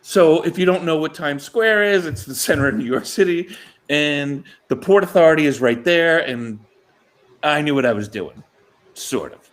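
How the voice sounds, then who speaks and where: A man's voice: a little high, normal speed. A man co-hosting a sports talk show, telling a long casual anecdote and chuckling as he goes. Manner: animated anecdote-telling, chuckling mid-sentence. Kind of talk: casual storytelling chat.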